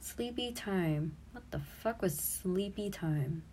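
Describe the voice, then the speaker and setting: This audio creator and streamer, a woman in her twenties, reminisces about old posts in relaxed chat, giggling and swearing freely. Her mid-range voice is expressive, slow and dark, with a bit of hiss or hum in the recording.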